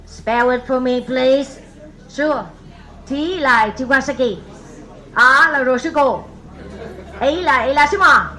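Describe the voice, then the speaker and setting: Woman comic, Vietnamese accent, high and slow, laughing crowd around her. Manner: deadpan one-liners, laughing at her own jokes. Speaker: stand-up comedian. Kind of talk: stand-up comedy set. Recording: live comedy club crowd laughter.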